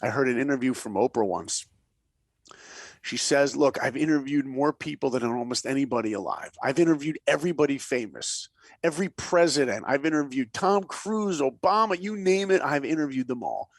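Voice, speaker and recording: With a medium-pitched voice at normal speed and no echo, this podcast guest, an animator and director, narrates his anecdotes with energy. He imitates the people he quotes and sinks to a whisper whenever he wants emphasis.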